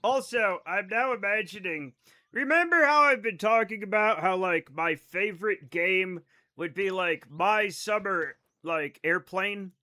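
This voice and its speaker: A man livestreams gameplay in a high, bright voice with a forceful tone, keeping a measured pace. His talk to chat is loose and self-interrupting, with some swearing mixed in.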